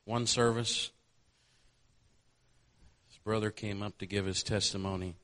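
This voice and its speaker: A man's voice: lowish voice, steady tone, unhurried, fairly bright tone. A male preacher delivering a sermon, telling a conversion story and building to an impassioned altar call.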